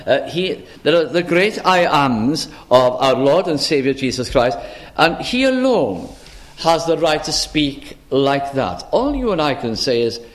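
A man preaching an expository sermon, earnest and measured, with frequent restarts and emphatic pauses. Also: mid-range voice.

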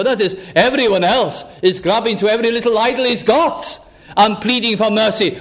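Earnest high-voiced male preacher. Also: normal speed. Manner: earnest, probing rhetorical questions, drops to a hush. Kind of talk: sermon.

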